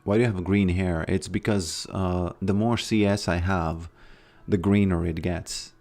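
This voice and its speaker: Low-voiced laid-back male streamer. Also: steady tone, a little slow, darkish tone. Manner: laid-back, answering chat, trailing off mid-sentence. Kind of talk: casual livestream chat while gaming.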